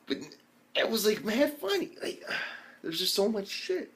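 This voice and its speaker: A young man recapping an anime episode in casual slang, excitable and full of swearing and fillers. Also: high-pitched, unhurried. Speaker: anime reviewer.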